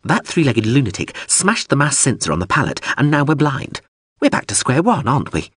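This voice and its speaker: A male audiobook narrator voicing a touchy, sarcastic floating drone that whines and leaps up in pitch. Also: sing-song, fairly quick, fairly bright tone, breathy edge, no echo, clean studio sound. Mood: peevish sarcastic. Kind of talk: audiobook character voice.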